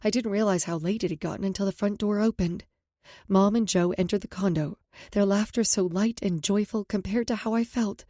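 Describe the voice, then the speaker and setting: A woman narrating a first-person romance audiobook in a steady, intimate way. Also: mid-range voice, fairly quick, no echo, studio quality.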